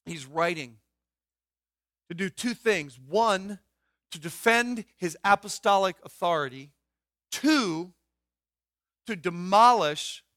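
A man preaching a sermon, asking his listeners questions and swinging from loud outbursts to hushed asides. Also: high voice, dry recording, clean studio sound. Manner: asks the congregation questions. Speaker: pastor.

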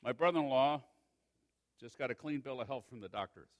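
A man preaching a sermon in an animated, wry way, swinging between loud emphasis and hushed asides. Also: medium pitch, fairly quick. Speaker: pastor.

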